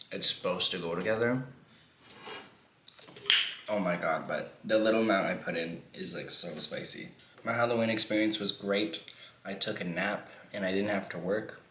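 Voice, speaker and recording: A man's voice: lowish voice, fairly bright tone, reverberant. A man in his twenties chatting casually while eating noodles for a mukbang, rambling and joking with some swearing. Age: 20s. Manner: rambling, playful, swears freely. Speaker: mukbang vlogger.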